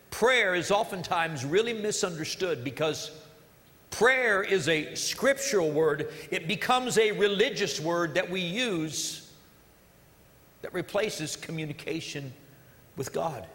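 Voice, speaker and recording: A man's voice: high-pitched, sharp tone, big-room sound. A male pastor preaching a sermon in an earnest, emphatic way, repeating key phrases, during a church service.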